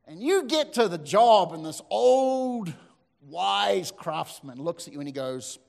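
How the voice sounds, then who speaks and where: A man, preaching a sermon as a pastor, telling lively stories with asides to the congregation. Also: high-pitched, slow, vocal fry. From New Zealand. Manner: animated storytelling with asides to the audience. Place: church hall. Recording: long hall reverb.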